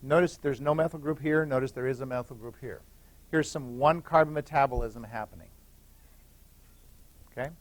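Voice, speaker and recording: A man's voice: mid-range voice, moderate pace, long pauses, no echo. A middle-aged man giving a classroom lecture, explaining step by step, repeating key points and checking in with "okay?". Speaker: university biochemistry lecturer. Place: lecture hall.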